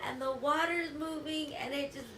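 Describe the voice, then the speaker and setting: A woman's voice: high-pitched, steady tone, normal speed, crowd noise. A woman chiming in playfully from farther off the microphone, laughing as she talks.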